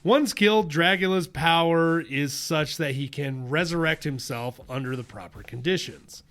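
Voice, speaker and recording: A man co-hosting a casual podcast, animated and laughing often as he reads his notes aloud. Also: on the high side, normal speed. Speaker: podcast co-host. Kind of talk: casual chat.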